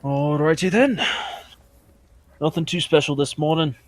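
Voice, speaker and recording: A man's voice: fairly high pitch, unhurried, voice pushed up, lightly acted. A man voicing a burly orc tavern keeper. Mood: homely. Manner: folksy, drawling small talk with a slipping accent. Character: burly male orc tavern keeper, gruff but hospitable.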